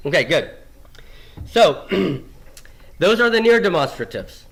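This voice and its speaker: Slow, bright-voiced man teaching grammar. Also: high-pitched, very animated, creaky, slightly rough. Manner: asks questions and answers them himself, repeats key forms. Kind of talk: classroom lecture.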